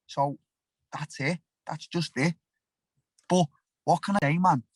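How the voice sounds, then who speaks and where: A man's voice: on the high side, fairly even intonation, slow, husky, no room sound. A young man with a Liverpool accent, a fighter talking bluntly and animatedly in an interview, often restarting his sentences. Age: young adult. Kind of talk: casual interview talk.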